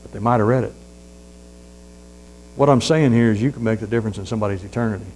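A man preaching a sermon, telling folksy stories that swing from loud emphatic points to hushed asides. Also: lowish voice, quick pace, pauses often, rough recording. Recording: faint mains hum.

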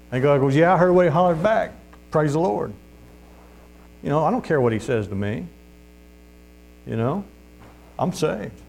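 A man's voice: medium pitch, darkish tone. Folksy preaching man, faint hum. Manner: folksy storytelling with laughs and "Amen?". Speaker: street preacher. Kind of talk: informal testimony sermon.

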